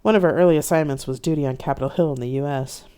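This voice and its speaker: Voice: medium pitch, racing, warm tone, clean tone, close to an everyday voice. An author reading their own novel aloud, voicing a blunt, profane male starship captain with a wry, matter-of-fact delivery. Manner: swearing, wry.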